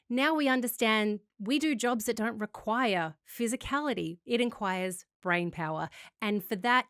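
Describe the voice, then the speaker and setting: A woman co-host speaking in casual podcast chat. She talks in an impassioned, rapid-fire way, and her voice sits in a dry, close-miked sound with no room echo. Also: mid-range voice, a bit bright, clear, resonant tone.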